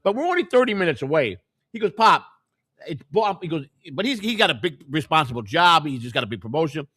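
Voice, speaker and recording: A man's voice: on the high side, very animated, quick pace, sharp tone, dry recording, clean studio sound. An older American man telling long rambling stories in casual chat, full of restarts and quoted dialogue. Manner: rambling storyteller, many restarts. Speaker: co-host.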